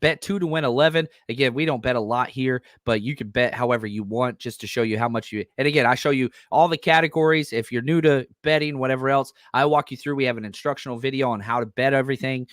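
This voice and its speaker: A man with a middle-pitched voice hosts a casual sports podcast, excitable and loose, full of ums and uhs. He is recorded close and dry, with no room sound. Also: quick pace, hardly any pauses, no echo. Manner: enthusiastic, excitable, loose with fillers. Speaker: podcast host.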